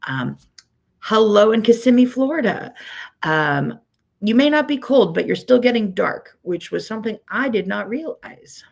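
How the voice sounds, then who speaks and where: A woman's voice: medium pitch, sing-song, moderate pace, gravelly. A woman with a Pittsburgh accent hosting a casual livestream, chatty and rambling with many "um"s as she greets viewers by name. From Pittsburgh, USA. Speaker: quilting teacher hosting a weekly livestream.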